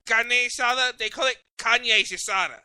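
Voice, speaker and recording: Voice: medium pitch, normal speed, bright, forceful tone, smooth, dry recording, low-quality recording. A podcast host ranting in casual profane chat, rambling and apologizing as they go. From Mexican heritage.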